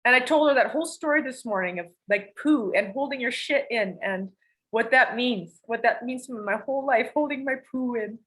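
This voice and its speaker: On a rough recording, a woman guest on a podcast shares candid personal stories in a slightly high, fairly bright voice at a fairly quick pace. She rambles, gets emotional and confessional, and swears casually.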